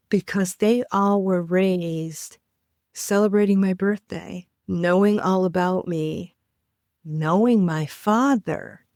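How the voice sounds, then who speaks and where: A woman's voice: fairly low pitch, slow pace, darkish tone, no echo, studio quality. A middle-aged woman, a podcast guest, earnestly recounting a personal story with emphatic, vivid detail.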